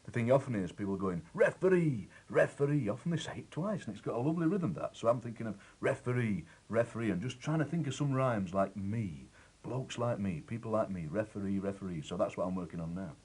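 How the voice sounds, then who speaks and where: Husky-voiced man explaining his poems. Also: fairly low pitch, fast. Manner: lively, chatty and musing. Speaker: poet. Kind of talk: explaining how he writes a poem. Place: outdoors at a football match.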